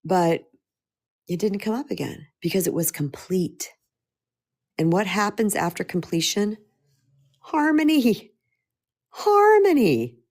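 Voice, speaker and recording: A woman's voice: fairly low pitch, measured pace, long pauses, a little mellow. A middle-aged woman speaking as a spiritual empowerment coach, earnest and emphatic, often repeating her key phrases. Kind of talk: motivational talk.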